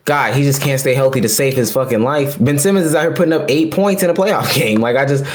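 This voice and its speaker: Man, podcast co-host, mid pitch, blunt and profane, sports hot takes. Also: quick pace. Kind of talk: casual sports chat.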